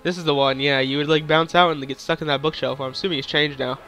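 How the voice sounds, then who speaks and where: Young male gaming YouTuber, slightly high pitch, silly crude rambling, faint background music. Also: steady tone, fast, pushed and bright. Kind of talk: goofy gameplay commentary.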